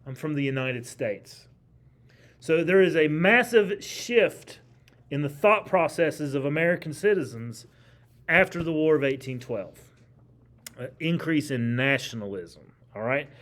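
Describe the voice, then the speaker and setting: A man's voice: fairly high pitch, unhurried, a bit bright. A man teaching a history class in a classroom. He lectures in a conversational, emphatic way and keeps putting questions to his students.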